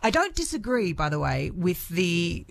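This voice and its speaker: A woman with an Australian accent hosting a radio show, chatty, self-deprecating and quick to laugh. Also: lowish voice, big pitch swings, creaky. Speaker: radio host. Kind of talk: casual radio chat.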